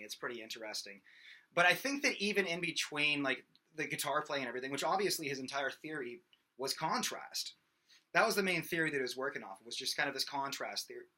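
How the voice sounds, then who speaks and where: A man's voice: mid-range voice, brisk. A young man teaching singing in a loose, rambling way, full of fillers. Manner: rambling, many fillers, breaks into loud sung demos. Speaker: vocal instructor. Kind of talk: casual singing lesson.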